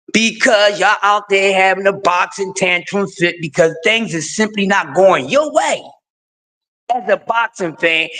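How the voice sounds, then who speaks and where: A man's voice: sits high, sharp tone, big-room sound. A man hosting a live stream, ranting and teasing his audience in a playful, repetitive way. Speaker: host. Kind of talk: animated live-stream boxing talk.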